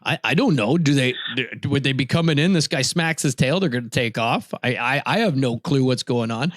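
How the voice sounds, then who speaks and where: A man co-hosting a podcast, casually telling a hunting story. His voice leaps up high when he acts out his own shouting. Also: brisk, hardly any pauses, no echo, studio quality. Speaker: podcast co-host.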